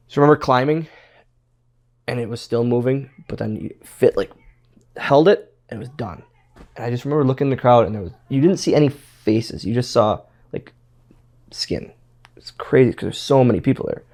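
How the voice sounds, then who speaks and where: Gravelly-voiced man telling wrestling stories. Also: mid-range voice, darkish tone. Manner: rambling, repeats words, quotes others in his stories. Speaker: interview guest, former pro wrestler. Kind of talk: casual storytelling interview.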